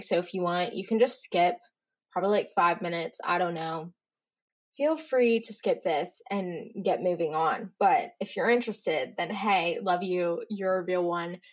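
A teenage girl hosting her own podcast, telling stories in a chatty, rambling way with quick asides. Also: mid-range voice. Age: teens. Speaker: podcast host. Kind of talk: casual solo podcast chat.

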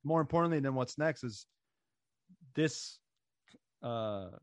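A man's voice: mid-range voice, lively intonation, no echo, clean studio sound. A man hosting a podcast interview, asking questions in an easygoing, encouraging way. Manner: easygoing, encouraging, quick to laugh. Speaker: podcast host. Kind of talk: casual interview.

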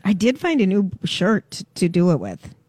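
A woman's voice: mid-range voice, huge pitch swings, normal speed, darkish tone, no room sound. A middle-aged woman co-hosting a casual talk show, teasing and playful in conversation. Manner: playful, teasing, laughs easily. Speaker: co-host. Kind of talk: casual chat.

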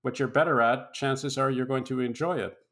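A man's voice: medium pitch, steady tone, fairly bright tone. Thoughtful male interviewer. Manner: measured, thoughtful, repeats words while framing questions. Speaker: interviewer, host. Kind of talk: podcast interview.

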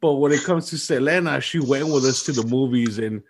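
A man's voice: medium pitch, brisk, noisy background. A man hosting a podcast, chatting casually and easygoing, with lots of fillers. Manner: relaxed, easygoing, lots of "you know" fillers. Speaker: podcast host. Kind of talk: casual interview chat.

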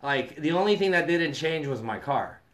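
A man's voice: a little high, expressive, normal speed, fairly bright tone. A man in his thirties, telling a personal story in casual, profane podcast chat.

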